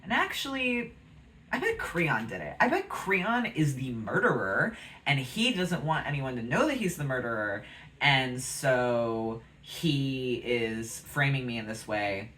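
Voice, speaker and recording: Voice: medium pitch, very animated, measured pace, pushed and bright, distant mic. A speaker voicing a stubborn ancient king who talks in an irritated, demanding way while retelling a play.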